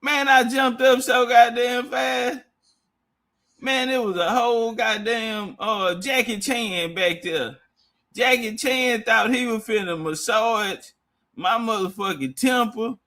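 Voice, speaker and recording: High, bright-voiced profane storyteller man. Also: slow. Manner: profane, animated, laughing often. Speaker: stream host. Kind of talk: comedic storytelling.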